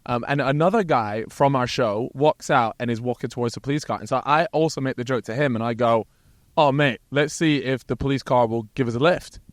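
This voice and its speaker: A man's voice: mid-range voice, a little fast, no room sound. A man co-hosting a podcast in casual chat, telling long rambling stories and swearing freely, recorded inside an RV. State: hungover. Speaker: podcast co-host. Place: inside a parked RV.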